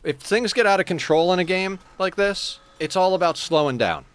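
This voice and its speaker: A man's voice: normal speed, clear, resonant tone. A man streaming a game and chatting casually, his voice a little sore from talking all day. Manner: coos to his cat in a high sing-song baby voice. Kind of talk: casual gaming stream chat.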